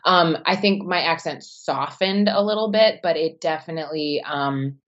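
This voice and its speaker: A young woman from Wisconsin with a softened Midwestern American accent, chatting casually with many fillers and laughs. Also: normal speed. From Wisconsin, United States. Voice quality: low-pitched voice. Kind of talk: casual chat. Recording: dull, muffled sound.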